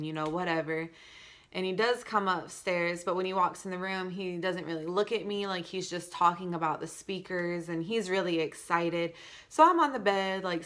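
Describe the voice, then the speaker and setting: A young woman vlogger, pregnant, chatting casually through a storytime with many likes and animated asides. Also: on the low side.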